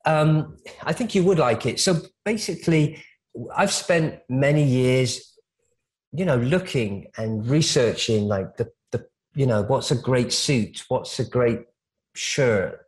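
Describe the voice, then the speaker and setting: Slow and mid-pitched, this man is a stylist chatting as an interview guest, wandering through long stories with frequent restarts and filler words. The conversation is casual, and the recording is low-quality.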